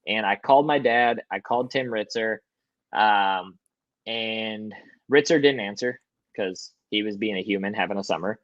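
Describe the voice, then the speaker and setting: A young man, a podcast guest, telling a personal story in a lively, swearing way and acting out quotes, in a hotel room. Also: fairly low pitch, normal speed, no room sound, lo-fi sound. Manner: animated, swears, acts out quotes. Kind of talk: casual storytelling.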